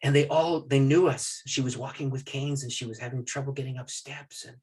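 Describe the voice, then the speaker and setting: A man's voice: medium pitch, brisk, husky. A man, a pastor, telling a long personal story in a podcast interview and acting out what the other people in it said. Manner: animated storyteller who acts out what others said.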